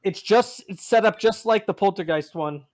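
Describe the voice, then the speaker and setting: A man co-hosting a casual podcast, talking in halting stops and restarts. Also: sits high, darkish tone. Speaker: podcast co-host. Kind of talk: casual chat.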